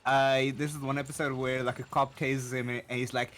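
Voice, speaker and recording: A man chatting casually while gaming, joking and halting with fillers. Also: mid-range voice, steady tone, fairly bright tone. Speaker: fellow player.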